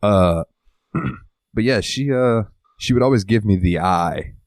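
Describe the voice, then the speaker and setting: A man with a very low voice tells long rambling stories as a podcast co-host, cursing casually as he goes. The sound is dry and close, with no room around him. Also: slow pace, no echo. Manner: swears a lot and rambles through stories. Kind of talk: casual chat.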